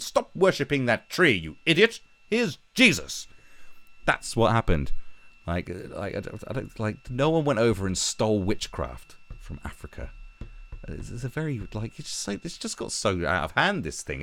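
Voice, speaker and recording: A man with a very deep voice that still swings widely in pitch as he rambles through sarcastic, profane commentary. He talks casually and often breaks off mid-thought. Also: big pitch swings, brisk, creaky, dry recording. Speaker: vlogger.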